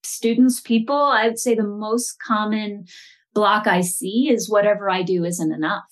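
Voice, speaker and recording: A woman's voice: mid-range voice, steady tone, a little slow. A woman meditation teacher speaking as a podcast guest in a thoughtful, searching way, often restarting her sentences. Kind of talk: casual conversational interview.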